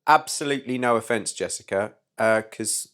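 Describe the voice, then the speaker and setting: A man's voice: on the low side, moderate pace, fairly bright tone. A man co-hosting a podcast, trading jokes in casual chat. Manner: jokey, apologetic banter. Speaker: podcast co-host.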